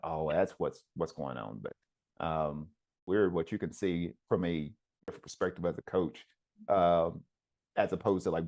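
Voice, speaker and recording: A man's voice: deep voice, a little mellow. A man who coaches wrestling, talking in an easygoing, casual conversation with frequent ums and uhs. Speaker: wrestling coach and podcast host.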